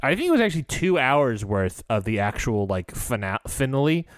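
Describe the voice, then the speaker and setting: A man co-hosting a podcast in casual chat, animated and rambling, laughing often as he talks. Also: medium pitch, normal speed, clear, resonant tone, dry recording. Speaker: podcast co-host.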